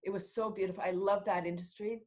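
Animated, laughing middle-aged woman storyteller. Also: medium pitch, fast talker. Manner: animated, laughs often, acts out quotes. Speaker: podcast guest. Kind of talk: casual storytelling in an interview.

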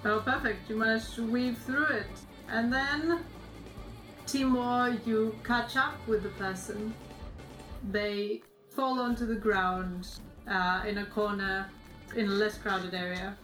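A woman narrating as game master of a tabletop role-playing game, calm and unhurried, with frequent ums. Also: fairly high pitch, reverberant, faint music behind, rough recording.

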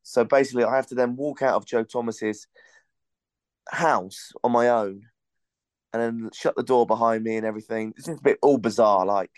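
Podcast host, man, mid-range voice, smooth and clear, loose rambling storyteller. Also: mid-range voice, moderate pace, no echo. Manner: rambling anecdotal storytelling with swearing. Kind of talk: casual podcast chat.

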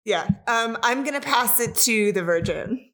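Woman, tabletop game player, casual, hesitant, fairly high voice. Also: expressive, a little slow, fairly bright tone.

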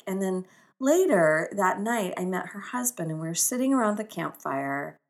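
A woman's voice: fairly low pitch, lively intonation, normal speed. A middle-aged woman, an author, telling inspirational stories in an earnest, emphatic way, piling up repeated phrases. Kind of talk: inspirational storytelling monologue.

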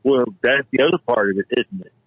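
A man's voice: medium pitch, animated, brisk, slightly rough, dry recording, phone-quality sound. A man co-hosting a casual radio chat, wry and musing. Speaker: radio co-host.

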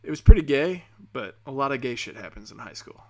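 A man's voice: medium pitch, expressive, fairly quick, mellow. A young man, tipsy from drinking, rambling through a profane comedic rant with lots of fillers. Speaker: comedian and podcast host.

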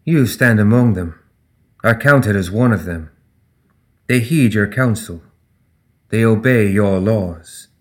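A man voicing an ancient, commanding fae queen in an audiobook, speaking slowly and gravely. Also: fairly low pitch. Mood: solemn. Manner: slow, solemn, regal delivery.

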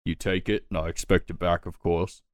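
Male GM voicing a blunt, grudging horse renter with a low voice. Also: flat delivery, fairly quick, no room sound, studio quality, lightly acted. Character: gruff man renting out his war horse.

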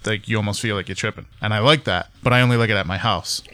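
A man co-hosting a podcast, chatting casually with quick, offhand remarks. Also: lowish voice, bright, forceful tone, no echo. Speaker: podcast co-host. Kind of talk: casual chat.

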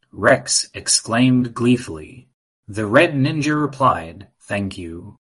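Man reading a kids story, slow and measured, husky lowish voice. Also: fairly bright tone. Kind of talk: scripted story narration.

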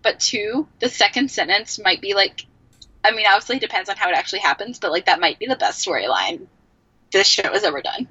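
Bright, husky woman on a dull dry mic. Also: mid-range voice, lively intonation, brisk, dry recording. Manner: emphatic, full of questions. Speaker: podcast co-host. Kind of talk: casual fan chat.

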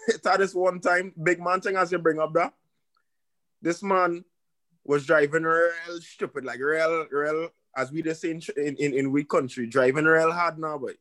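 Animated man telling road rage story. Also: on the high side, measured pace, no room sound. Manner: storytelling, laughs a lot, swears freely. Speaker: podcast co-host. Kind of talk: casual chat.

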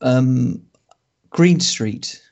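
A man co-hosting a film podcast, reviewing a movie in a dry, sardonic way with many pauses and ums. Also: medium pitch, vocal fry, a little mellow. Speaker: podcast co-host reviewing films. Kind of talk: casual film review chat. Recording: dull lo-fi podcast audio.

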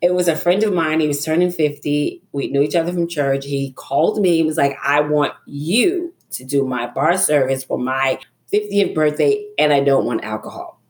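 A middle-aged woman, a guest author on a podcast, telling a personal story in a lively way, acting out her own thoughts and often laughing. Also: sits low, normal speed.

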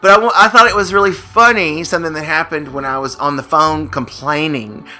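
Very bright-voiced rambling male podcaster. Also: on the high side, a little fast. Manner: rambling anecdotal storyteller, swears casually. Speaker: podcast co-host. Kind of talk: casual chat.

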